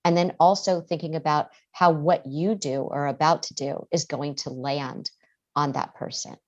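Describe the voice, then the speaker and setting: A woman's voice: low voice, steady tone, normal speed, dull audio. A woman guest therapist giving earnest podcast interview answers, often acting out how parents and children talk.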